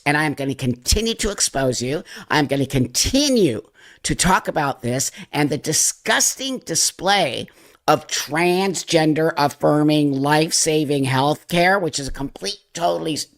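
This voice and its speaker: Man, host, emphatic rant, slightly higher pitch, keeps asking "okay?". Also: a bit bright. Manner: emphatic, repeats "okay?", emotional. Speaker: channel host. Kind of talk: impassioned commentary to camera.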